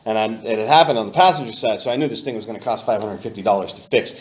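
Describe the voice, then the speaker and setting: A man telling his recovery story at a meeting, candid and profane, and he gets loud when he acts out old moments. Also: fairly low pitch, rapid-fire, reverberant. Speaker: AA meeting speaker. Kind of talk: personal recovery talk. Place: meeting room.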